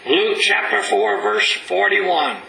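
A male preacher delivers a sermon at an unhurried, deliberate pace. His voice is high and strikingly bright, and he leans hard on the scripture he reads aloud. The church room rings with echo, and a faint hiss sits underneath. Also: big pitch swings, gravelly. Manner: slow, emphatic preaching, reading scripture aloud in a rising voice.

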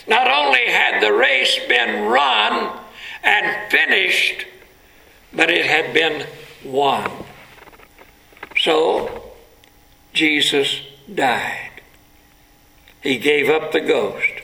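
A man's voice: a little high, extremely slow, vocal fry, long pauses, bright, forceful tone. A man preaching a sermon, telling the story dramatically and building to emphatic peaks. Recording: echoey room.

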